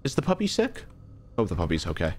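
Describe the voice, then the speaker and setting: Animated young male game streamer. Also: deep voice, quick pace, a little hiss or hum. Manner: chatty, jokey, talks to himself. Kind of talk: live gameplay commentary.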